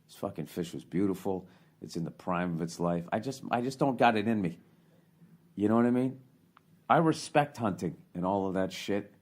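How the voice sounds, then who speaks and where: A man hosting a podcast, telling a profane, rambling comic story that swears constantly and climbs higher when he gets worked up. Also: lively intonation, normal speed, darkish tone. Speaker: podcast host.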